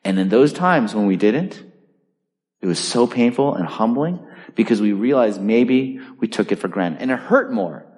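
A man's voice: on the low side, lively intonation, moderate pace, darkish tone. A middle-aged man preaching a sermon as pastor, emphatic and full of rhetorical questions. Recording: reverberant hall.

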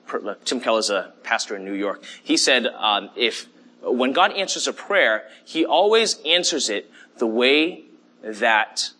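A man delivers a sermon in an easygoing, conversational way, often pausing to check in with his listeners. His voice has a bright edge and a husky grain. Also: mid-range voice. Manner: conversational preaching with fillers and "okay?" check-ins. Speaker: pastor.

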